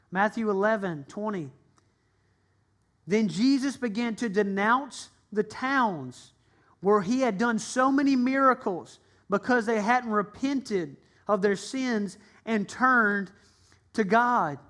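A man's voice: sits high, slow, a bit bright. A man pastor preaching a sermon, earnestly and emphatically, acting out the voices in his retelling. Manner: dramatic retelling with acted-out voices.

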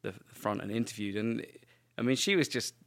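A man appearing as a guest songwriter, talking in a relaxed, thoughtful way. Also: medium pitch, moderate pace. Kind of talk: casual chat.

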